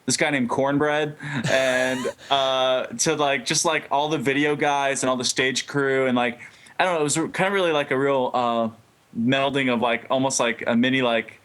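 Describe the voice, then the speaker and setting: A man's voice: mid-range voice, fairly bright tone, smooth. Laid-back man rambling over a video call. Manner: laid-back, rambling, laughs mid-story. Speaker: band member guest. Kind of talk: casual storytelling interview.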